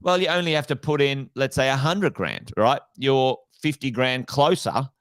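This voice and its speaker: A man's voice: mid-range voice, moderate pace, no echo. A middle-aged man hosting a live-stream chat about property investing, full of energy, repeating himself and asking rhetorical questions.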